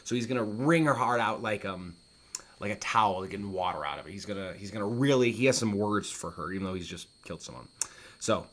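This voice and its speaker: A man's voice: fairly low pitch, fast talker, fairly bright tone. A man teaching a play line by line, reading each line and then paraphrasing it plainly, with fillers and restarts. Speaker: literature teacher. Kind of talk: explanatory lesson.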